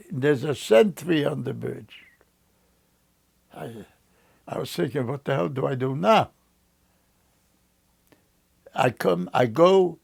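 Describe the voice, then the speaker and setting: An older man recounting memories in an interview, telling his story in a slow, halting way with frequent restarts. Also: a little high, creaky, a little mellow, husky.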